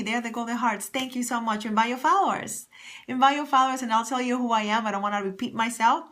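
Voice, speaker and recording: A woman's voice: on the high side, fast, a bit bright. A woman fashion stylist chatting on a live phone stream from her office, effusive and greeting viewers by name. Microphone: phone camera.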